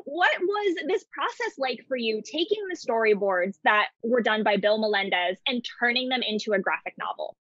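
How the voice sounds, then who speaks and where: High-voiced bubbly woman hosting. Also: expressive, moderate pace, hardly any pauses, a bit bright, dry recording, highs cut off. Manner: bubbly, laughs easily. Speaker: interview host. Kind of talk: upbeat video chat interview.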